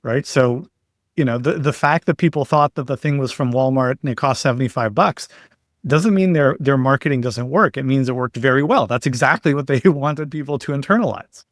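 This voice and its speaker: A man as a podcast guest, explaining his ideas in a steady way with stories and examples. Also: medium pitch, brisk, dry recording, clean studio sound. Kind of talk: explanatory interview talk.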